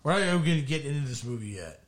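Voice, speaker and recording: A man's voice: medium pitch, racing, crowd noise. A man co-hosting a podcast, telling stories in casual chat and swearing often. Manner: profane, animated storytelling. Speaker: podcast co-host.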